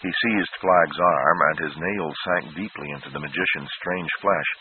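A man narrating a fantasy novel in a measured, dramatic way. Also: very deep voice, slight background noise. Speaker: audiobook narrator. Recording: tinny phone-like sound.

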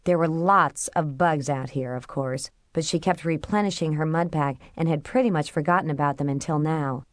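A woman narrates an audiobook in a steady, measured way. Her voice sits on the low side for a woman. The recording is close and dry, made on a close studio mic with no room sound. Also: dry recording. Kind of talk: scripted narration.

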